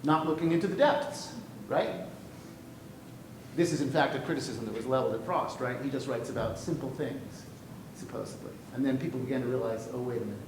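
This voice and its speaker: A man teaching a poetry class, animated and playful, often breaking off mid-thought. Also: fairly quick. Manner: animated, playful, self-interrupting. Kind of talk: classroom lecture. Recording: echoey classroom with faint rumble.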